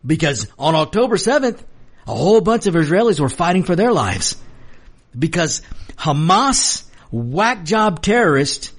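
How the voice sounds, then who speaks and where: A man hosting a political talk show, delivering heated, emphatic commentary and repeating his points, hoarse and losing his voice. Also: a little high, big pitch swings, moderate pace.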